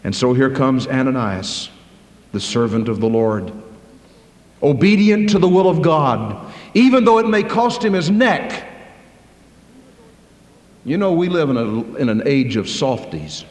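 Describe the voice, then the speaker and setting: A man preaching a sermon, swinging from loud, high-pitched preaching to slow, quiet, low passages. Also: lively intonation. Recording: echoey hall, long reverb.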